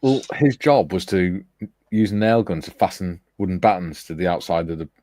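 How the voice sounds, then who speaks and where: A man's voice: low voice, moderate pace, dark tone, no echo. A man, hosting a casual model-building chat and telling a rambling anecdote, laughing often as he goes. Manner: laughs often while storytelling, rambling with restarts.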